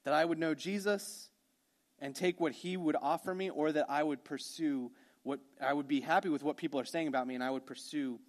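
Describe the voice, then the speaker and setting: A man preaching a sermon in a conversational, animated way, telling the story with frequent asides to the congregation. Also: mid-range voice. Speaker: pastor.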